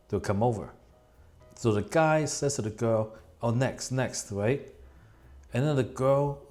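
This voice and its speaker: Chatty man with a mellow voice. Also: mid-range voice. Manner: chatty storyteller acting out quoted people in raised voices. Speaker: vlogger. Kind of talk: casual rambling vlog chat. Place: at home near a computer.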